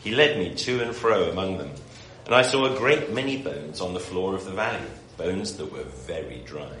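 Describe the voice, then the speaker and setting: Low-voiced guy doing a relaxed bible talk, swoopy lively delivery, echoey room w/ noise. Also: moderate pace. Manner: self-deprecating, laughs while talking. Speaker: Bible teacher. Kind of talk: informal Bible teaching and scripture reading.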